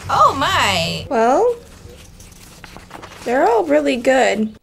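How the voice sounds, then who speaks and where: A woman's voice: sits high, wildly swooping pitch, extremely slow, gravelly, exaggerated voice. Woman as a nervous young artist applying for a job, eager, faint hiss behind.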